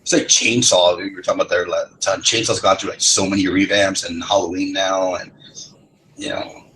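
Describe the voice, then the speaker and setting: A man's voice: sits low, steady tone, normal speed, a bit bright, a little hiss or hum, low-quality recording. A man from San Antonio, Texas, talking in a rambling, profane way on an online voice chat and laughing often. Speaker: voice chat regular. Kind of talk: casual profane banter. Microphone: online voice chat mic.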